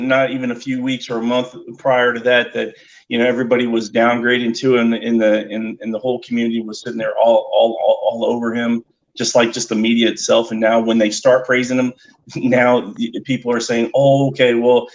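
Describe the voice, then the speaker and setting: A man's voice: medium pitch, level tone, brisk, lo-fi sound. A man talking as a guest on a sports podcast, wry and amused, hesitating with lots of fillers. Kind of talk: casual sports podcast chat.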